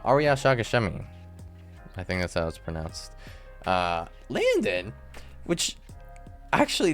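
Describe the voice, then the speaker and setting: A young man casually reviewing a TV episode, rambling with lots of fillers and sudden exasperated outbursts. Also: medium pitch. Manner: rambling, frequent "like" and "I guess"; quick jumps to exasperated outbursts. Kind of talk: casual solo commentary.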